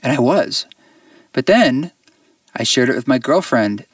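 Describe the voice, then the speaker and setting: A man, a musician guest on an interview show, tells a personal story in an earnest, reflective way with halting restarts. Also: medium pitch, lively intonation, no echo, far from the mic.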